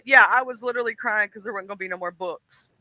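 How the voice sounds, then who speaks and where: Talking fast in a high-pitched, bright, forceful voice, a stream host chats casually and rambles with lots of ums and "you know"s. He laughs while telling stories from his childhood, acting out the voices. The recording is rough.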